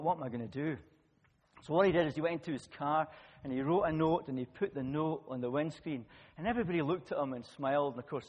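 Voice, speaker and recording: A man preaching a sermon, telling a personal story with lively swings between loud emphasis and quiet asides. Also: on the high side. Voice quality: husky. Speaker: pastor. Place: church hall. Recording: long church-hall reverb.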